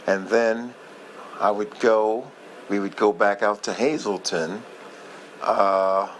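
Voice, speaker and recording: A man casually reminiscing in a heartfelt, rambling way, often halting and losing his thread. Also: fairly low pitch, fairly even intonation, slight background noise, rough recording. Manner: heartfelt, moved by the memory. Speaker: vlogger sharing memories.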